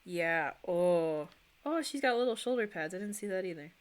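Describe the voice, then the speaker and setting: A woman's voice: lowish voice, animated, moderate pace. Young woman streamer, rambling casual chat, answers viewers as she paints.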